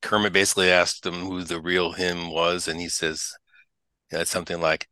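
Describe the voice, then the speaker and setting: A man's voice: low-pitched, flat delivery, fairly quick, bright, forceful tone, smooth, no echo. A man chatting on a podcast panel, wry and teasing. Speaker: regular panelist. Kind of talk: casual chat.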